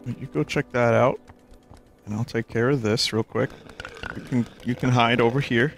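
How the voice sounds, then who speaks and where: A man giving excitable, swearing let's-play commentary as a streamer, laughing and yelping up high. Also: moderate pace, faint music behind.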